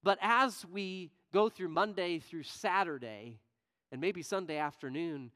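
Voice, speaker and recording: High-voiced pastor preaching with swings in volume. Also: male voice, measured pace. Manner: dynamic, swings from loud emphatic questions to quiet asides. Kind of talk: sermon. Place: church sanctuary.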